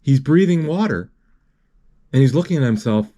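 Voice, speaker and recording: A man retelling a movie live as he watches it, halting often and correcting himself as he goes. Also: mid-range voice, expressive, warm tone. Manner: halting, with many restarts and self-corrections. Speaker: movie recapper.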